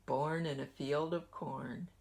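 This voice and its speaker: A woman kindergarten teacher gently reading a picture book aloud to children and asking them questions as she goes. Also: deep voice, vocal fry, a little hiss or hum. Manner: slow, lively sing-song storytelling.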